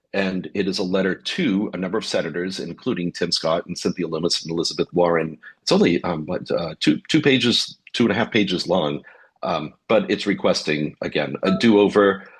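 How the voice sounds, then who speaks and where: Deep husky male podcast guest. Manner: measured, many ums and uhs. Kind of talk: casual podcast conversation.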